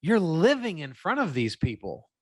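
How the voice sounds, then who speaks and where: A man's voice: fairly high pitch, huge pitch swings, moderate pace, a bit bright, slightly rough, dry recording. A man hosting a podcast, talking in a candid, opinionated, conversational way. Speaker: podcast host. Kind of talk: casual podcast chat.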